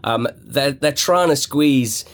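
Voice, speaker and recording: A man's voice: medium pitch, takes it slowly. Man, football pundit, eager, long-winded, studio. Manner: eager and enthusiastic, talks in long runs. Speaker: pundit guest. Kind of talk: casual football chat.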